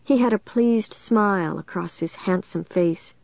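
A woman reading a first-person audiobook in a steady, measured way. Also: medium pitch, creaky, no echo, muffled recording. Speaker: audiobook narrator.

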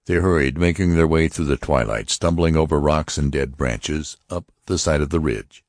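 Male audiobook narrator, very low voice, steady measured delivery, dry booth sound. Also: dry recording.

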